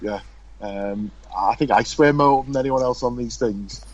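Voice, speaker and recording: A man's voice: medium pitch, unhurried, lo-fi sound, slight background noise. A man hosting a podcast, chatty and joking, often stumbling over his words. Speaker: podcast host. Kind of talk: casual podcast chat.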